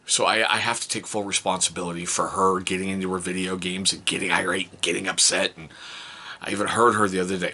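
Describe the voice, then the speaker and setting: A middle-aged man telling stories about his kids in a casual, joking vlog. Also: fast. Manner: animated, jokey, mimics his kids in high voices. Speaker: vlogger, father.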